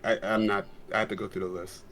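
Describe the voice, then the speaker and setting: A man's voice: fairly low pitch, level tone, background noise. A man playing a tabletop role-playing game, talking casually and thoughtfully about his character's actions. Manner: slow, thoughtful, with chuckles. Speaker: player.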